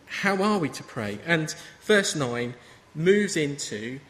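A man's voice: on the high side, big pitch swings, takes it slowly, fairly bright tone. A man in his thirties preaching a sermon in a chatty, story-telling way. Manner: conversational, anecdotal preaching. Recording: reverberant hall with faint ambience.

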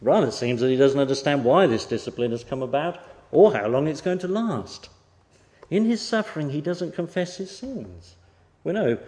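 A male preacher delivering a Bible sermon in a fairly high voice that swings widely in pitch. He leans hard on key words and then lets his sentences sink quietly at the end. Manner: emphatic, rising for stress and dropping soft at phrase ends. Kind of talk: expository sermon.

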